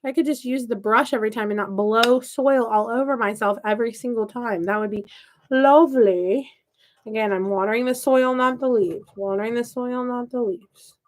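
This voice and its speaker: A woman's voice: fairly high pitch, steady tone, fairly quick. A woman from the Midwest putting on a Southern accent, chatting and joking to her viewers and talking to her seedlings as she works. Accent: put-on Southern US. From American Midwest. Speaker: gardening channel host. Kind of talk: casual live-stream chat while working.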